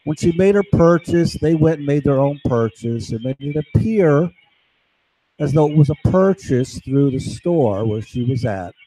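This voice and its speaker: A man's voice: a little high, animated, a little slow, mellow, no room sound, rough recording. A man talking in a rambling, conspiratorial monologue to camera, acting out other people's voices as he goes. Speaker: vlogger.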